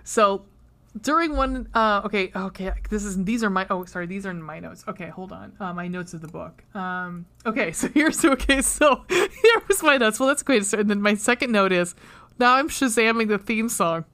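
A podcast co-host chats casually about how a book compares to the movie, wandering off topic, swearing without restraint, and laughing frequently over her notes. Her voice sits in the mid range, fairly bright, at a moderate pace.

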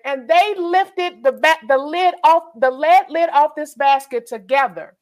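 A high-voiced woman responds in an emphatic, preacher-like manner, pressing her listeners to act. Her tone is encouraging and insistent. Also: a little slow. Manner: emphatic and exhorting. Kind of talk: encouraging preaching-style reflection.

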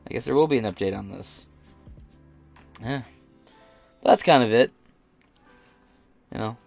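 A man's voice: mid-range voice, measured pace, vocal fry, darkish tone, soft background music. An American man hosting a podcast, reacting to news clips in blunt, profane casual commentary. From United States. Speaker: podcast host.

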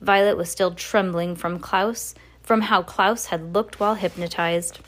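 A woman reading a novel aloud at a steady pace, with small slips and self-corrections. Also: fairly low pitch, a little slow. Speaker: reader.

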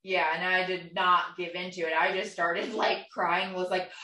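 A woman's voice: on the low side, level tone, moderate pace, few pauses, sharp tone. Talkative young woman, echoey room. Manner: emotional retelling with acted-out quotes, many fillers. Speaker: podcast co-host. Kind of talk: casual conversational storytelling. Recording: echoey room, voice a bit far from mic.

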